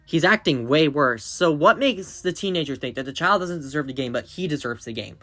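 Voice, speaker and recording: Low-voiced, exasperated woman ranting in commentary. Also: expressive, fairly quick, fairly bright tone, no room sound. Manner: exasperated, ranting, swings into outbursts. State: voice strained from yelling. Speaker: commentary creator. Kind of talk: reaction commentary.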